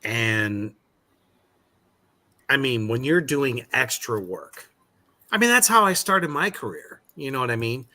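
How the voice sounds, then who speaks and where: A man in casual podcast chat, talking slowly and emphatically about acting work and swearing freely. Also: mid-range voice, big pitch swings, pushed and bright. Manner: slow, emphatic, swears a lot. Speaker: actor guest.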